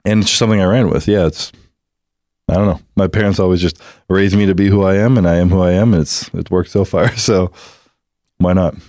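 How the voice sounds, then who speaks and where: A man's voice: low-pitched, steady tone, fairly quick, a little mellow, dry recording, studio quality. A young Canadian man with a lisp, a podcast guest talking candidly with lots of fillers and swearing. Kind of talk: casual podcast conversation. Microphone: headphones on, studio mic.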